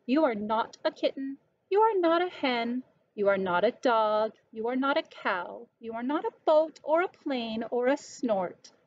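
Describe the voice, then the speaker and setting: A woman's voice: on the high side, animated, measured pace, few pauses. A woman voicing a small, lost baby bird with an eager, pleading manner. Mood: happy. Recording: dull lo-fi recording.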